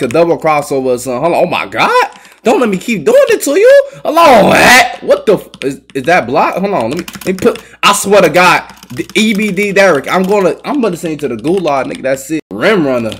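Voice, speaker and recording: A young male gamer talks over his own gameplay, taunting other players, cursing and breaking into yells when a play goes wrong. His voice is a little husky. His pitch jumps around a lot from line to line. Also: big pitch swings, fairly quick. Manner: trash-talking, swearing, yelling at other players. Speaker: gaming YouTuber. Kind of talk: live gameplay commentary.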